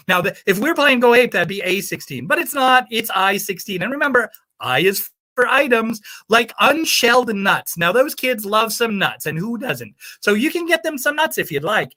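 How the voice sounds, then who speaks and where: A rambling, cheerfully misinformed self-proclaimed primatologist, played by a woman calls bingo numbers in a put-on accent that slides toward the American South. Her voice sits a little high and swoops all over the place as she drifts from one tangent to the next. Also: bright, forceful tone. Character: scatterbrained self-proclaimed primatologist woman, sister of a famous chimp expert. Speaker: bingo caller. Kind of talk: comic live-stream character bit.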